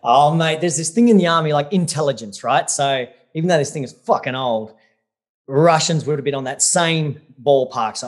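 A man's voice: on the high side, normal speed. A man, a guest telling adventure stories bluntly, swearing and calling the listener mate. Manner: blunt, swears freely, says mate a lot. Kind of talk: casual interview storytelling.

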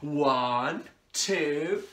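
A woman's voice: sits low, extremely slow. A young adult woman hosting a children's party show, playful and giggly, calling out prompts for the kids to answer. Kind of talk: energetic kids' show hosting. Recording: echoey room with loud music.

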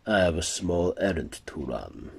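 A man voicing a suave male vampire count with a Romanian accent, low and measured. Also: very animated, gravelly, breathy edge, exaggerated voice. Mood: courtly.

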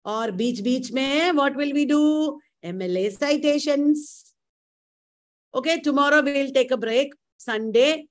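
Indian lady teacher on a live stream, slow and kinda high, quizzing the class and drilling terms. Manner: quizzing, drills terms aloud, mixes in Hindi words. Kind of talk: live-streamed exam coaching lecture. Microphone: live stream mic.

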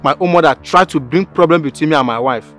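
A man's voice: a little high, quick pace, over music, natural voice. An actor with a Nigerian accent playing a scheming male friend who wants to wreck a marriage, mocking and combative. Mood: gloating.

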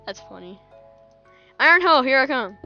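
A high-pitched woman narrating her own gameplay in a slow, unhurried way, chatting to herself and laughing often. Faint game music plays softly behind her. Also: dull audio. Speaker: gaming channel host. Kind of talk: casual gameplay commentary.

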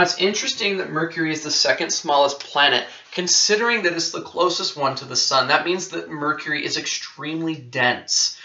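A male teacher explains things casually in a classroom, pausing to check in with his students and fix his own slips. His voice is bright and forward, but the recording is roomy and set back from the mic, with a dull, muffled top end. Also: on the high side. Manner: conversational, checks in with "okay?", self-correcting. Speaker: science teacher. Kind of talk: classroom lecture. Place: classroom with whiteboard. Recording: roomy, distant and dull-sounding.

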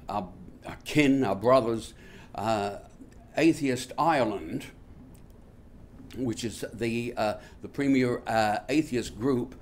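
Slow, halting man hosting a talk show. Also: mid-range voice, slight background noise. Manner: halting, many fillers and restarts; wry, sardonic asides. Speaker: host of a nonbeliever talk show. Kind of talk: unscripted monologue to viewers.

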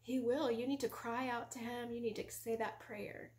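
A woman voicing her calm, earnest husband in a soft, patient voice. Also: a little high, normal speed, natural voice. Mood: gently urging. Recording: roomy echo.

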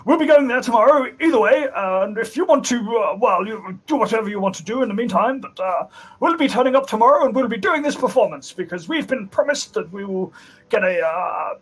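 A man's voice: high-pitched, lively intonation, brisk, a bit bright, breathy edge, voice pushed up, exaggerated voice, rough recording. A man voicing a self-important woman from a traveling acting troupe, chattering on.

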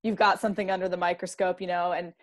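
A woman's voice: lowish voice, little pitch movement, fast. A woman hosting an interview, chatting enthusiastically and acting out children's voices in her stories. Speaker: program host and interviewer. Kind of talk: casual interview chat.

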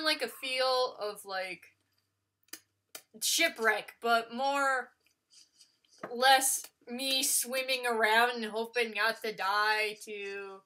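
Excitable high-voiced woman gamer. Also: slow pace, a little hiss or hum. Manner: excitable, gushing exclamations; swears casually. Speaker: let's player. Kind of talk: live gameplay commentary.

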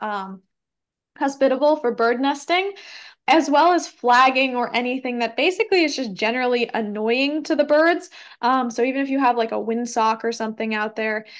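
A young woman with a slightly high voice presents an educational talk in a relaxed, conversational way. She fills pauses with ums and hedges her answers. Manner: frequent ums, hedging, conversational. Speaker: environmental educator giving a talk. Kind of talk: casual presentation with Q&A.

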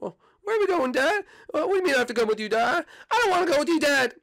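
A frantic cartoon kid, as a man puts him on, whining and stammering through a fan game role-play. The voice sits high and swoops wildly from squeal to mutter, always on the edge of panic. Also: sing-song, rapid-fire, creaky, a bit bright, full character voice. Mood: panicky. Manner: whiny and frantic, wailing and stammering. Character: panicky mischievous cartoon boy, ten years old.

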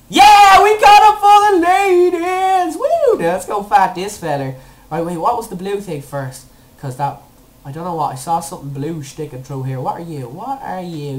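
A young woman commentating her own gameplay, excitable, with squealing cheers and playful made-up words. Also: on the low side. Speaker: let's play gamer.

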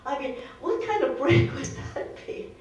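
A woman's voice: sits high, animated, normal speed, a little mellow, highs cut off, pitched above the performer's own voice. A woman role-playing a weary, frustrated wife who cares for her ill husband, as a counseling client. She rambles and trails off. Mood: worn-out. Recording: echoey room, distant mic, faint noise.

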